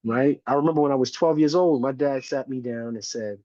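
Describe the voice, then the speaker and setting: A man's voice: mid-range voice, fairly quick, few pauses, darkish tone, no room sound. A man in his forties from the United States, a community educator speaking passionately in an interview and often checking in with "right?". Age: 40s. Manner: emphatic, preachy, keeps tagging "right?". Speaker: podcast guest, community educator. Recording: dull, dry lo-fi recording.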